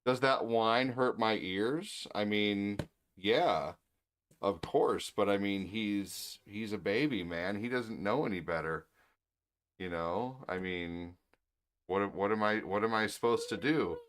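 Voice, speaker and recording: A man's voice: fairly low pitch, slow, a bit bright, clean tone. A middle-aged man hosting a live stream, chatting casually in an easygoing, rambling way with lots of fillers. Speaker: streamer host.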